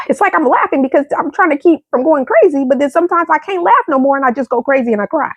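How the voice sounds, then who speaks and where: A woman's voice: brisk, no echo. Rambling, emotional young woman vlogger. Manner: rambling, emotional, repeats and restarts words; swings between high excited and low subdued tones. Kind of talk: candid storytelling monologue.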